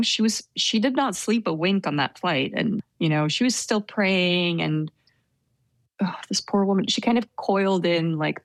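Soft-spoken woman telling a story, hedging. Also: lowish voice, no room sound. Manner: hesitant, with many hedging fillers; self-described introvert. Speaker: interview guest. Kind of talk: casual storytelling.

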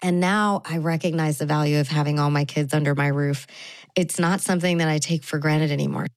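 Low-voiced middle-aged woman, earnest. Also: steady tone, fairly quick, no room sound. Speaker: interviewee. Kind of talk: interview clip.

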